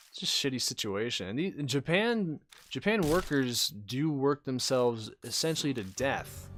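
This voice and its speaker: A man's voice: medium pitch, fairly bright tone, slight background noise. A man casually commentating while he plays a game, joking, swearing and reading the game's text aloud. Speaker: let's play host.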